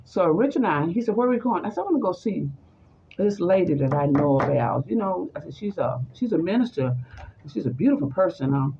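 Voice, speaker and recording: A woman with a fairly low, gravelly voice speaks briskly as she tells a personal story in conversation, animatedly acting out the voices of the people in it. The sound is lo-fi with a noisy background.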